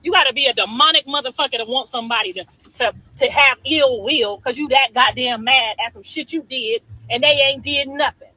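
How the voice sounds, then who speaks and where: A woman's voice: sits high, brisk, few pauses, bright, forceful tone. A woman ranting heatedly at her critics, profane and scolding. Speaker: guest on a livestream. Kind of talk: angry ranting monologue. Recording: dull lo-fi clip audio.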